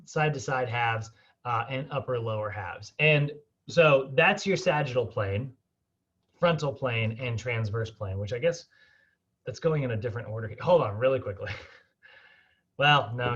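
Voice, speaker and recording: A man's voice: medium pitch, fairly bright tone. A man teaching a fitness class over a video call, casual and chatty, asking students questions and laughing often. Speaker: fitness instructor. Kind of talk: online class lecture. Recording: dull lo-fi video call audio.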